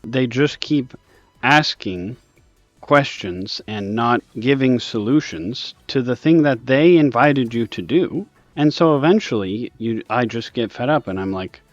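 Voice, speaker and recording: A man ranting in an exasperated, animated way over gameplay, with sudden loud bursts. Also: mid-range voice, measured pace, no echo, dull audio, faint music behind. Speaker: gaming video host.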